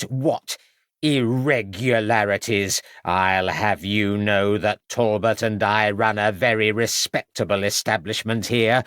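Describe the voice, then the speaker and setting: A man voicing a loud, formidable, buxom middle-aged landlady who booms and gives orders. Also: dry recording, clean studio sound. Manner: booming, bossy, dismissive.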